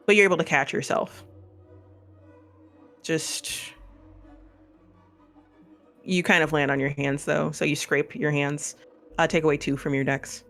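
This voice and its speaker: A man with a Missouri accent and a bright, high-leaning voice game-masters a tabletop horror game, narrating in a casual, rambling way. Faint music plays in the background.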